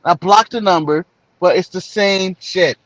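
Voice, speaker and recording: Joking high-voiced male co-host. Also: a little slow, fairly bright tone, dry recording, lo-fi sound. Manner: joking, laughs often, trails off mid-sentence. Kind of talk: casual podcast chat.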